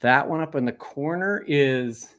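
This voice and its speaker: A male cartoonist chatting casually from his art studio over a webcam video call, animated and self-deprecating. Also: mid-range voice, measured pace. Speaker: guest cartoonist. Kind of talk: casual chat.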